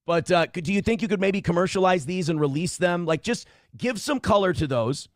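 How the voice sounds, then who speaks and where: A man's voice: high voice, a little fast, no room sound. A man co-hosting a live stream, teasing and mocking in a dry way.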